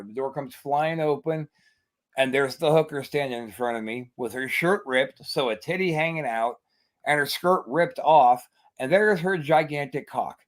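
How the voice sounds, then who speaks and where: Male podcast host, animated storyteller, a touch high. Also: normal speed. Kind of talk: casual storytelling chat.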